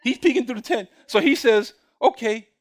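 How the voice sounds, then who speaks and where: A male preacher giving a lively, humorous sermon in church, acting out scenes and calling someone up from the congregation. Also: extremely high pitch, brisk, husky. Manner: animated, jokey, acts out scenes, calls up a boy from the congregation. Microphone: recorded on camera for broadcast.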